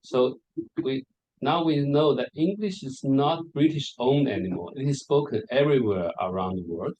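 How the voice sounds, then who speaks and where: A man with a mid-range voice lectures to an audience at a conference. He speaks hesitantly, stopping to repeat words and filling the pauses with fillers. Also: medium pitch, mellow, muffled recording. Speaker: lecturer presenting on English varieties. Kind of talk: conference presentation.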